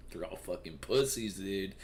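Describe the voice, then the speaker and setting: Young male streamer with a deep voice, swearing and rambling through news commentary over faint noise. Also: expressive, slow pace. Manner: profane, rambling, filler-heavy.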